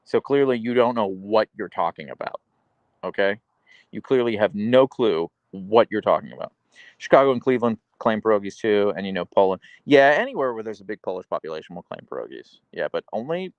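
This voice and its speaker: Male streamer reading chat, playful and teasing, low gravelly voice, dry close mic. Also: sing-song, fairly quick, no echo, lo-fi sound. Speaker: live streamer. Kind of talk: casual live-stream chat, reading comments aloud.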